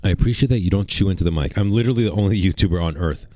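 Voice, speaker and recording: A man streaming live, chatting brashly and excitably to his viewers and reading out gifts. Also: sits low, rapid-fire, a little hiss or hum. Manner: brash, excitable, talks to chat. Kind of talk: casual livestream chat.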